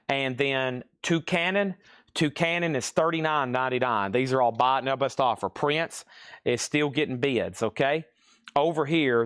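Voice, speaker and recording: Brisk man calling out record sale prices. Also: medium pitch, a bit bright, clean tone, no room sound, studio quality. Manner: brisk, listing items and prices, checking with "okay?". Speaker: live sale host. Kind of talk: live-stream record sale, reading claims and prices.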